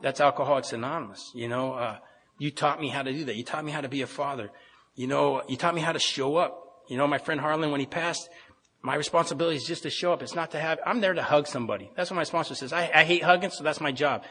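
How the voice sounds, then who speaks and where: A man's voice: on the high side, quick pace, bright, forceful tone, husky. A middle-aged man telling his recovery story to a meeting, plainspoken, with frequent restarts. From Pacific Northwest of the US. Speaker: AA meeting speaker. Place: meeting hall. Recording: reverberant meeting hall.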